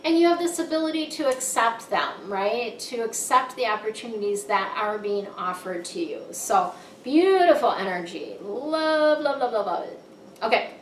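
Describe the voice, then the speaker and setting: A woman's voice: on the high side, lively intonation, normal speed, few pauses, a little hiss or hum. A woman giving a casual, upbeat monthly tarot reading who often checks in with "right?". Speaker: tarot card reader. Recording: echoey room, mic set far off.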